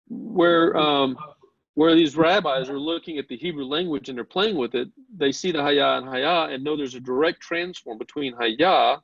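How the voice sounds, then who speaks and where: A man teaching a Bible class in an earnest, excited lecture, putting questions to his students. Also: medium pitch, gravelly, no echo. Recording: dull lo-fi class recording.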